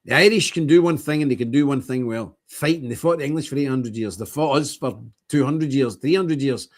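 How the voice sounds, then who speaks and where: A man delivers a livestream monologue in a blunt, emphatic style, hammering his points home by repeating them. His voice sits at an ordinary middle pitch for a man. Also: fairly quick. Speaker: streamer host.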